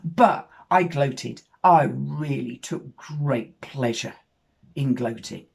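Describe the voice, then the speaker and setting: A woman in her fifties tells a personal story frankly, swearing and swinging in loudness for emphasis. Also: extremely low pitch, slow, vocal fry, husky. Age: 50s.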